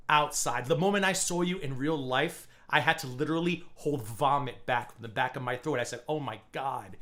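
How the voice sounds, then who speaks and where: Man, forceful bright voice, profane insulting rant, livestream host. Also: fairly high pitch.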